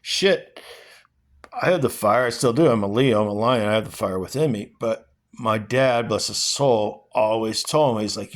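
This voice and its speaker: A man's voice: medium pitch, unhurried. A man reading a passage aloud, then reflecting on it in an earnest, rambling way. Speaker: vlogger.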